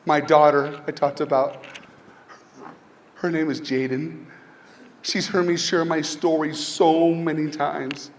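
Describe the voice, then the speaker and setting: This motivational speaker's voice sits on the high side and stays level as he moves slowly, pausing often, through personal stories and rhetorical questions for a school crowd. Slight background noise mixes with the faint ambience and long reverb of the large, audience-filled hall.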